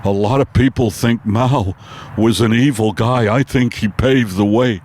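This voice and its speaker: A man voicing a stoned, panicky male talking horse in a comedy bit, with loud, drawn-out, dazed pleading. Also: medium pitch, slight background noise, close to an everyday voice.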